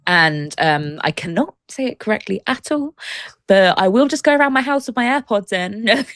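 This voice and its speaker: A woman's voice: mid-range voice, lively intonation, moderate pace, a bit bright, no room sound. A woman with an English accent, chatting as a podcast guest, talking freely with lots of fillers. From England. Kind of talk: casual chat.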